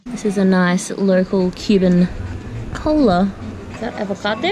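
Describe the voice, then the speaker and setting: A woman's voice: medium pitch, a little slow, mellow, faint music behind, low-quality recording. A young woman chatting casually to camera as a travel vlogger, giggly and self-mocking. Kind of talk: casual vlog chat to camera.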